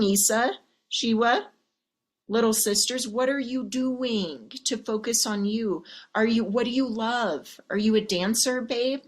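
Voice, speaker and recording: A woman coach giving a sassy, teasing live pep talk to her viewers, swearing freely and checking in with "okay?". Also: medium pitch. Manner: sassy, teasing, profane, keeps asking "okay?". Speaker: love and life coach.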